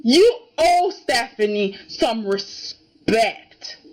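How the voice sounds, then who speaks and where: A woman's voice: on the high side, expressive, very slow. A woman giving a casual, indignant reaction review of a soap opera, emphatic and keeps asking "okay?".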